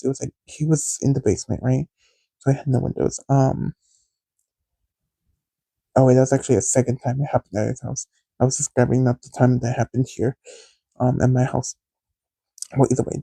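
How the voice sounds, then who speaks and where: Male host, frank rambling storyteller; very dark, husky voice, dry close sound. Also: mid-range voice, no room sound, low-quality recording. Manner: candid, rambling, addresses listeners directly. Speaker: podcast host. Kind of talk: casual storytelling.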